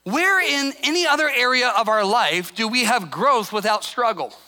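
A male pastor preaching a sermon in a conversational way, acting out what people say and dropping soft and low to stress a point. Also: expressive, normal speed. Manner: conversational, acts out quoted voices; drops to a soft, low intensity for emphasis.

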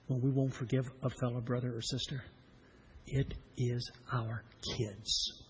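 A middle-aged man preaching a sermon, swinging between loud emphatic lines and hushed, slowed-down ones. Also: mid-range voice, little pitch movement, a little hiss or hum, low-quality recording. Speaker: pastor.

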